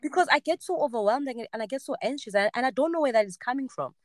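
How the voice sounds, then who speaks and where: A woman in her late twenties hosts a relaxed podcast chat, telling her story with lively gusto. She slips into the voices of the people she quotes. The recording is close and dry, with no room sound. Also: sits high, fast talker, no echo. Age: 20s. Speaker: podcast host. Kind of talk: casual chat.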